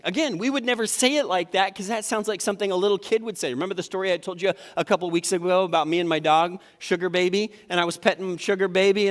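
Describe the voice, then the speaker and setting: Male pastor, conversational sermon, slightly high voice, reverberant church hall. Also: fairly even intonation, fast talker. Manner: conversational, acts out inner thoughts. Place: church sanctuary.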